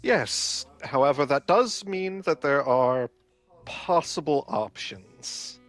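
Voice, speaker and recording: A man voicing a flustered, bookish young male healer who gives halting, stammering explanations. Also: on the high side, animated, a bit bright. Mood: hesitant.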